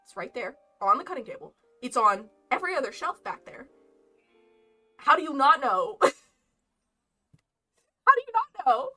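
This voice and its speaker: A young woman telling a casual story while streaming, animated and rambling, laughing often. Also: sits high, normal speed. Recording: lo-fi game music behind.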